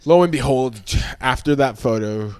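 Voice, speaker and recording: A young man tells stories in a relaxed, unhurried way, the kind of rider chatting among friends. He swears freely and lets his sentences fade into soft asides. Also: mid-range voice, a crowd in the background. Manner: laid-back, swears, trails off into soft asides. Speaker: guest, moto rider. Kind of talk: casual storytelling chat.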